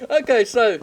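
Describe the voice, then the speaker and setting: A woman's voice: on the high side, a little mellow, rough recording. A woman game critic giving sarcastic, profane commentary while playing. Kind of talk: sarcastic let's-play commentary.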